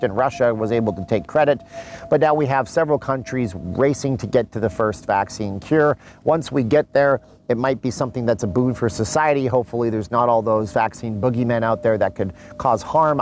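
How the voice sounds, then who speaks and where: A man's voice: mid-range voice, a little mellow, slight background noise, rough recording. A man born in Canada, vlogging in a chatty, rambling way with asides to his viewers, a mask on as he talks. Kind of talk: casual vlog commentary. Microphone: mask on while talking.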